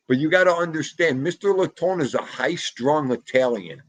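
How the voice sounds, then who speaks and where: Husky, slow New man, loud, chatty livestream host, dry room. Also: medium pitch, no room sound. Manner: animated, talks loudly, greets chatters by name. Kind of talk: casual livestream chat reading comments. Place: home room.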